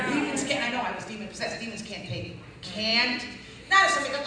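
A woman giving a lively testimony to a church audience, telling her story animatedly and rising to loud shouted peaks. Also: a little high, brisk. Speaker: guest speaker giving testimony. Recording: echoey hall recording from far off, with crowd ambience.

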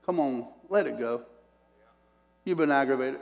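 An older man preaching a sermon, telling stories in an animated way that swings between loud bursts and hushed asides. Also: mid-range voice, unhurried, vocal fry, long pauses, big-room sound.

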